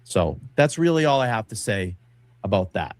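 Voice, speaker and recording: A man in a played stream clip, talking slowly and deliberately in a lecturing tone. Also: lowish voice, sing-song, no echo. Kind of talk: slow stream monologue.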